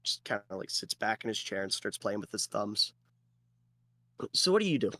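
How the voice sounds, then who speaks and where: Relaxed man running a tabletop game. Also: on the low side, moderate pace, dry recording. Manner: relaxed, with many fillers. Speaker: game master.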